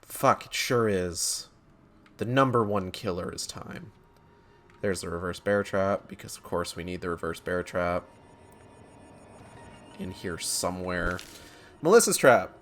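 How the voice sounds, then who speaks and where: A man's voice: sits low, fairly even intonation, unhurried, long pauses, fairly bright tone. A man giving casual, sarcastic commentary while playing a horror game, swearing often. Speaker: gamer. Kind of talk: let's play commentary.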